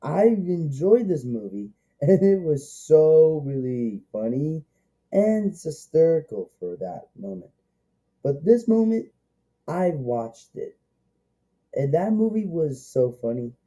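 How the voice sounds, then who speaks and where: A man reviewing a movie in a loose, unscripted way, circling back to the same points and repeating himself. He talks slowly, and his voice is slightly high in pitch yet very dark and mellow in tone. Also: sing-song, low-quality recording. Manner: rambling and repetitive, eager, many restarts. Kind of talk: casual spoken movie review.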